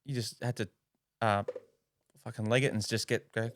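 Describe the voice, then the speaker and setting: A man's voice: medium pitch, steady tone, moderate pace, no echo, studio quality. A man, hosting a podcast, asking questions in a casual way and swearing now and then. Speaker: podcast host. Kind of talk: casual interview.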